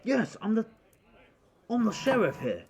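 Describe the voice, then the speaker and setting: A man's voice: medium pitch, animated, normal speed, a little mellow, close to an everyday voice. A man voicing a self-important, flustered town sheriff in a tabletop game. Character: pompous middle-aged male town sheriff.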